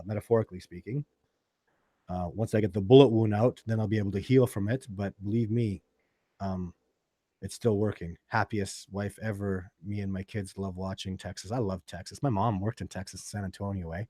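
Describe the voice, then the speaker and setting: Man with a low, dry voice, rambling. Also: fairly even intonation, moderate pace, warm tone, dry recording. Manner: rambling, full of restarts and fillers. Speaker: host of a live video chat about Sasquatch research. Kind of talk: live stream, answering viewer questions and telling stories.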